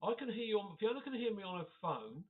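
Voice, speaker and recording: A man's voice: high voice, big pitch swings, fast talker. Friendly man, casual live-stream chatter, giggly, thin phone-quality recording. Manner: chatty, laughs often, reads out comments. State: occasional cough. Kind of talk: casual chat to live viewers. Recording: tinny phone-like audio.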